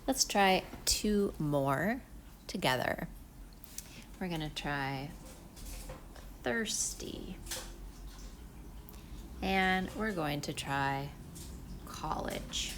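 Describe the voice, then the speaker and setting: A low-pitched woman speaks very slowly as she teaches pronunciation. She draws out each vowel with care. A faint hum sits behind her voice. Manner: stretches out each vowel sound, clear and deliberate. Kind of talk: slow instructional demonstration.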